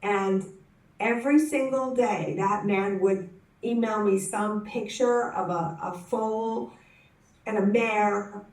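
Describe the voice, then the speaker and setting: Woman speaker, unhurried story delivered at a conference, heard from a distance in an echoey hall. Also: medium pitch. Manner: animated, acts out the voices in her story; frequent self-corrections and restarts. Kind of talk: personal storytelling talk.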